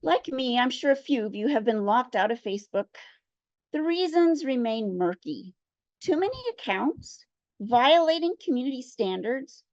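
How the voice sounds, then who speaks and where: A woman's voice: high-pitched, lively intonation, moderate pace, darkish tone, dry recording. A woman poet reading comic pieces, chatty and playful between them. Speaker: poet guest. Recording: dull, dry sound.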